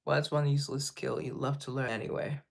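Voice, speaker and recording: This man hosts a relaxed livestream, speaking briskly in a steady, creaky, medium-pitched voice. He reads out comments from viewers, wanders off on easygoing tangents, and chuckles at his own remarks.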